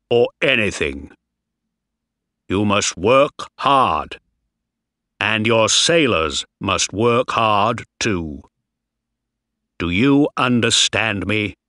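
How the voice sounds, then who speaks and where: A man's voice: on the low side, pushed and bright, no echo, studio quality, exaggerated voice. A man voicing a stern, commanding young male ship captain who gives clipped orders.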